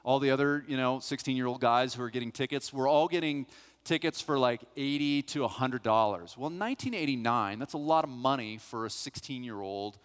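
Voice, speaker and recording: A middle-aged male pastor telling a personal story as part of a sermon, animated and acting out the voices of the people in it. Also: mid-range voice, fairly quick, clear, resonant tone. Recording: long hall reverb.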